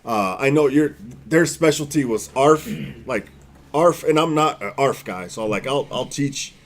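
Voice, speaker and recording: A man's voice: medium pitch, expressive, unhurried. A man co-hosting a podcast, telling a profane story in an exasperated way. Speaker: podcast co-host. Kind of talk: casual storytelling chat.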